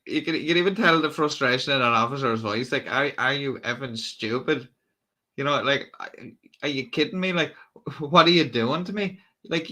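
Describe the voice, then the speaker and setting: A man rambles through live-stream commentary on police footage, stopping and restarting his thoughts with dry, joking asides. His voice is bright and forward, sitting at an ordinary pitch. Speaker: streamer reacting to police clips.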